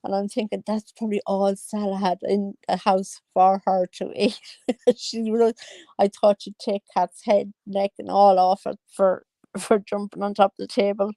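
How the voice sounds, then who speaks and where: A woman in her thirties chats through her opinions, breaking into exclamations and laughs. Her voice has a gravelly edge. The sound is dry and close. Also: medium pitch, flat delivery, normal speed, mellow, no room sound. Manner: gossipy, exclaims and laughs often. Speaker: commentary vlogger. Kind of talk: casual chat.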